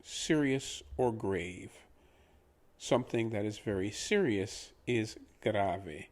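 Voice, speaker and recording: Pria pengajar bahasa yang lambat dan sabar. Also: male voice, fairly low pitch, expressive, darkish tone. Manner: patient, repeats words slowly. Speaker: language teacher. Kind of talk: slow pronunciation lesson.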